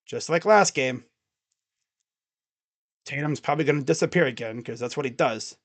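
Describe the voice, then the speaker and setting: A man calling live fan play-by-play, jumping to shouts on big plays and dropping to muttered asides between them. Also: medium pitch, normal speed, creaky, pauses often. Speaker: fan commentator.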